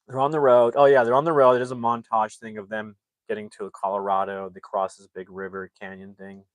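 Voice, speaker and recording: A man's voice: on the low side, flat delivery, a little fast, no room sound. Rambling man recapping a movie. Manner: rambling, full of "like" and restarts. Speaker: movie reviewer.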